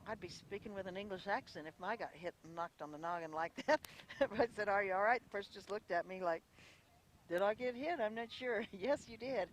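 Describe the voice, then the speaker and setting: A radio play-by-play announcer calling a live high school baseball game outdoors, chatty and folksy, often unsure of details and correcting themselves. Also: fast, a little hiss or hum. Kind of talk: live radio sports commentary.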